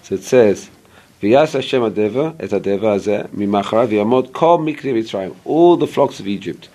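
The Torah teacher here has a lowish, dark-toned, animated voice. Working through the Bible verse by verse in an informal class, he checks on his listeners and now and then halts while hunting for an English word.

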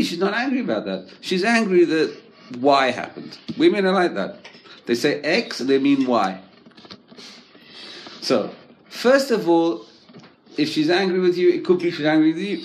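A Torah teacher with a medium-pitched voice gives an informal, conversational religious talk over a slight hiss or hum. He often checks in with "right?" and mixes in Hebrew terms.

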